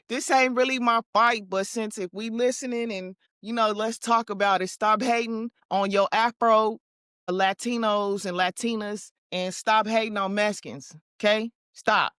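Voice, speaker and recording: A woman hosting a commentary show, talking in animated, slangy, mocking as she reacts to clips. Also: on the high side, normal speed, smooth, dry recording, studio quality. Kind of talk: casual commentary on news clips.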